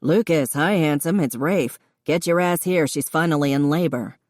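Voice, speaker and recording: A woman's voice: low voice, normal speed, darkish tone, dry recording, clean studio sound, lightly acted. A woman voicing a cheeky young man with a wry, joking manner. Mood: breezy.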